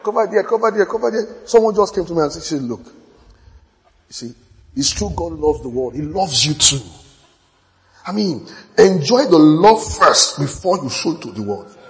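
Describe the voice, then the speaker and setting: A man preaching a sermon, telling stories with quoted dialogue and building to shouts. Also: fairly high pitch, very animated, a little fast, a little hiss or hum. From Nigeria. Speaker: pastor. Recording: long hall reverb.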